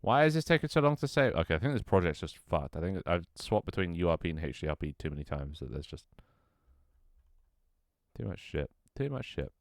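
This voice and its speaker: Very deep-voiced man muttering and swearing. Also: animated, fast talker, hardly any pauses, no room sound, studio quality. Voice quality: voice cracks at times. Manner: mutters to himself, swears often, jokes with chat. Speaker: streamer building a game level. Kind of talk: thinking-aloud livestream chat.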